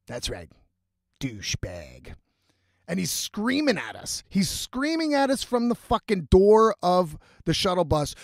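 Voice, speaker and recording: Brief: young male vlogger, swears constantly, restarts a lot, high-pitched voice, dry booth-like sound. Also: gravelly, dry recording. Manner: profane, rambling, animated storytelling with restarts. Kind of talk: casual storytelling vlog.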